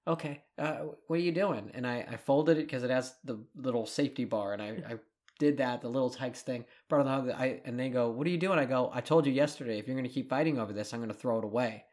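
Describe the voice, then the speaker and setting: Rambling dad telling a story. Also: male voice, mid-range voice, quick pace, a little mellow. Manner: rambling storytelling with many restarts. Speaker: podcast co-host, father. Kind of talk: casual chat.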